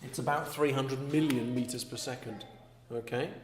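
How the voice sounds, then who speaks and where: A man's voice: mid-range voice, steady tone, moderate pace, over music. A man teaching an astronomy class, explaining step by step and often checking with "okay?". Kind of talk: classroom lecture. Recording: echoey classroom with faint hum.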